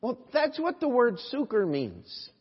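Earnest pastor preaching in a reverberant hall. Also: male voice, very high-pitched, wildly swooping pitch, unhurried, breathy edge. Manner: earnest, rhetorical questions, shifting between hushed and loud. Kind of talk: sermon. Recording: dull sound in a reverberant hall.

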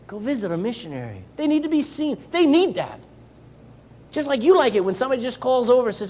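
A man's voice: extremely high pitch, quick pace, slight background noise. A man with a Southern US accent preaching a sermon as a missionary, acting out Bible characters as he goes. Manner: animated, acts out Bible characters.

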